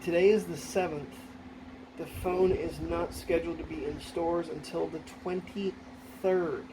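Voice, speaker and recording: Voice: medium pitch, fairly even intonation, unhurried. A daily vlogger chatting casually while walking a puppy outdoors, talking playfully to the dog, recorded on a phone camera. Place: outdoors in a breezy park playground. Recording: outdoor recording with clear background noise. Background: wind and leaves, passing vehicles.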